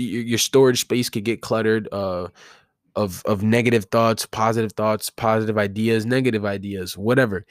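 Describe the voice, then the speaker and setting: A man's voice: lowish voice, dry recording, studio quality. A man hosting a solo podcast, talking casually and rambling with many fillers and restarts. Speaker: podcast host.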